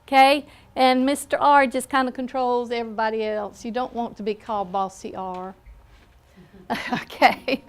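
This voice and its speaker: Speaking with a fairly high pitch and a clean tone, this Southern American woman gives a phonics lesson in a classroom. She moves slowly, patiently checking in again and again with "okay?"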